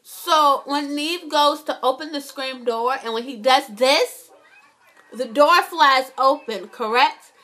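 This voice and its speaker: A young woman vlogging a casual, animated TV recap, swearing a lot and often asking "right?". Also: sits high, slow pace.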